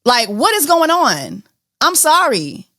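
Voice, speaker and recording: A woman hosting a podcast, talking through celebrity news in an animated, blunt, profane way. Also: sits high, takes it slowly, no room sound, studio quality. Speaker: podcast host. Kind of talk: casual celebrity news chat.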